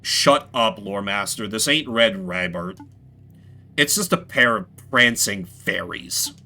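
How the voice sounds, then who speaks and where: A man's voice: on the low side, lively intonation, takes it slowly, gravelly, pushed and bright, voice pushed down, exaggerated voice. A man voicing an arrogant, cruel male stoat duke who sneers with contempt. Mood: scornful.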